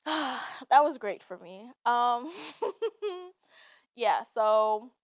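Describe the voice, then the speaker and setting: A woman's voice: on the high side, drawn-out words, no echo. A woman hosting a solo podcast, talking in a casual, chatty rant full of "like"s. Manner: chatty and animated, many "like"s and frequent laughs. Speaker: podcast host.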